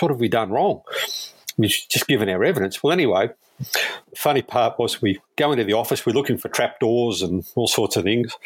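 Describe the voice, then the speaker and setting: Australian man telling rescue stories. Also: fairly low pitch. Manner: anecdotal, chuckling, acts out quoted voices. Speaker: guest, police airwing crewman. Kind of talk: casual storytelling.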